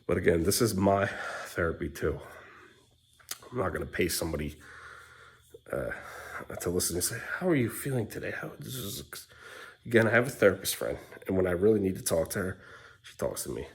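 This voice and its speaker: A man's voice: sits low, expressive, brisk, pauses often. A man talking to camera as a dad vlogger, candid, rambling and blunt, with casual swearing. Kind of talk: rambling personal vlog monologue.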